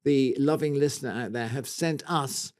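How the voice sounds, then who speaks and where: A man's voice: mid-range voice, moderate pace, darkish tone. A man with a British accent co-hosting a casual garden podcast, talking in a playful, rambling, self-mocking way. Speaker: co-host.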